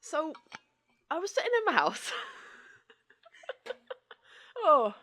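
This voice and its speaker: A woman's voice: sits high, very animated, takes it slowly, pushed and bright, pitched above the performer's own voice, full character voice. A woman improvising an old male miner who rambles through a story, her accent drifting as she goes. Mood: rambling. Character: older male miner Jeremy, rambling drinker. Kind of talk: improvised tabletop role-play.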